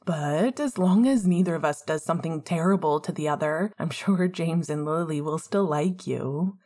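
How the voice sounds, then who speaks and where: A woman reading aloud voices an earnest, talkative young man in a storybook reading, in a slow, defensive way. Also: deep voice, mellow.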